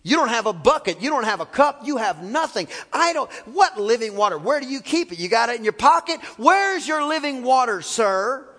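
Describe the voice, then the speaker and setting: A man's voice: very high-pitched, big pitch swings, normal speed, few pauses, bright, forceful tone, exaggerated voice. A preacher putting on a sarcastic woman at a well. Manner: mocking, scoffing retorts. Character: sarcastic, wary woman fetching water at a well. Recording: long reverb in a library.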